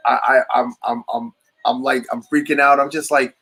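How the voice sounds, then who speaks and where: Man, casual podcast host, rambling, lots of restarts, mid pitch. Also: moderate pace, fairly bright tone, slightly rough. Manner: rambling, restarts often, enthusiastic. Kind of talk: casual chat interview.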